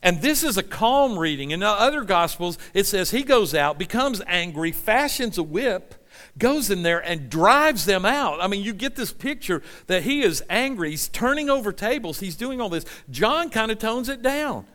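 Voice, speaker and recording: Animated man preaching a sermon. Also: high voice, moderate pace. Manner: conversational, animated preaching with acted-out voices. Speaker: pastor.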